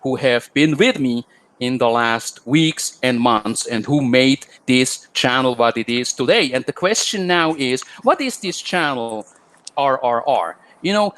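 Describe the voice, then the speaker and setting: A man's voice: mid-range voice, a bit bright. A man hosting a live online talk show, delivering a combative, rambling monologue full of fillers. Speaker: host.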